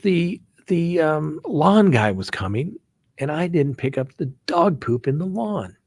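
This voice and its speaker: Male host, defense attorney type, easygoing and folksy, slightly husky delivery, dry close recording. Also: a little high, very animated, a little slow, a little mellow, dry recording. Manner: conversational, folksy, frequent "right?" asides. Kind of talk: casual live-stream talk.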